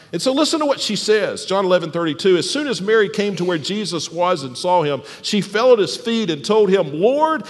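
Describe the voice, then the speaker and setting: A man preaching a sermon as pastor, animated, often dropping soft and low for emphasis. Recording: long hall reverb.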